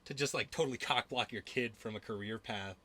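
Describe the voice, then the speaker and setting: A man's voice: medium pitch, fairly quick, sharp tone. A young man hosting a podcast in casual chat, rambling with lots of filler words, swearing and laughter. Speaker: podcast host.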